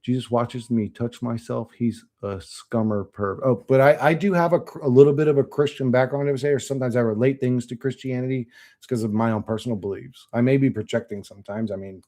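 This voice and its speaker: A man's voice: mid-range voice, steady tone, quick pace, mellow. A man rambling casually to his stream chat, swearing and laughing often. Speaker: channel host.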